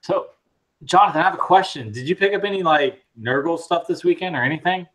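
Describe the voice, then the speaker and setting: A man co-hosting a casual live chat, excitable and rambling as he retells scenes. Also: on the high side, quick pace, poor audio. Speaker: podcast co-host.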